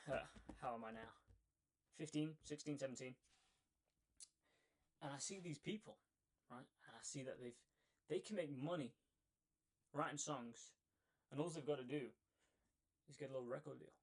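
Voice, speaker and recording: A young man telling his own story in a casual monologue, energetic and emphatic, repeating phrases for effect and a little out of breath. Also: mid-range voice. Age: young adult. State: slightly out of breath. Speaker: vlogger.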